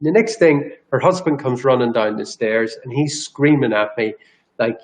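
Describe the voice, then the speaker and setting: A man's voice: mid-range voice, normal speed, rough recording. Earnest man telling a story. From Northern Ireland. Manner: earnest, rambling, with restarts. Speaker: guest, energy healer. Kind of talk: personal storytelling in interview.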